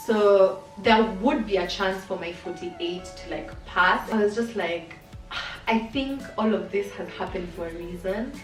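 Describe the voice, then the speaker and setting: Recorded from off-mic in a roomy space with faint music, a young woman's medium-pitched voice comes across distant. She's a vlogger sharing a personal story to camera in a frank, talkative way, full of fillers.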